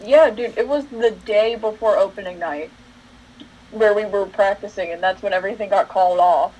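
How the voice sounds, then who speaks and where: A woman's voice: mid-range voice, normal speed, a little mellow, a little hiss or hum, low-quality recording. A teenage girl from New Jersey co-hosting a casual podcast, chatty and wry, laughing at her own stories. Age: teen. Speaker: podcast co-host. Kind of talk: casual chat.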